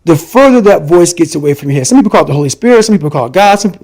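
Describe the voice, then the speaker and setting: A middle-aged man giving an intense motivational talk as a podcast guest, forceful and repetitive in his emphasis. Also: fairly high pitch, lively intonation, racing.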